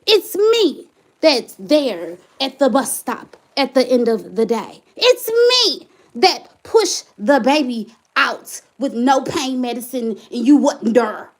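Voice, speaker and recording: High, animated woman venting to viewers. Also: takes it slowly. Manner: impassioned, repeated rhetorical questions; reads viewer comments aloud. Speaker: channel host, single mother. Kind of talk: emotional livestream venting.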